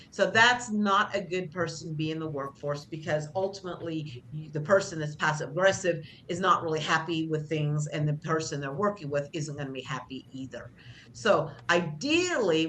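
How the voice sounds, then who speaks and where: A woman's voice: fairly low pitch, a bit bright, a little hiss or hum. A middle-aged woman instructor giving a conversational classroom lecture, speaking about herself plainly and acting out short example lines. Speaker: job training instructor.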